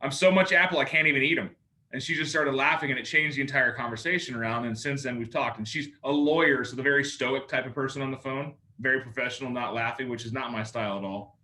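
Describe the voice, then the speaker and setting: A man teaching a coaching class on phone calls, lively and jokey, often acting out both sides of a call. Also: mid-range voice, quick pace, hardly any pauses, slight background noise. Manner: lively, acts out phone calls in other voices. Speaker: sales coach.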